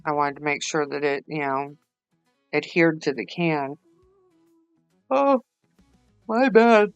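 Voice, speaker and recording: A woman's voice: deep voice, level tone, normal speed, clean tone, dry recording, dull audio, soft background music. A tired woman, rambling chattily with lots of fillers as she talks through a craft project. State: tired, yawning. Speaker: craft vlogger. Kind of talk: casual voice-over while crafting.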